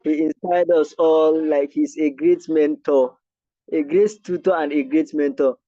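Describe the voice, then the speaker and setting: A man's voice: a little high, fairly even intonation, unhurried, warm tone, no echo. A man moderating on a video call, thanking the last speaker and calling on the next. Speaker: trainee moderating the session. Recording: dull lo-fi call audio.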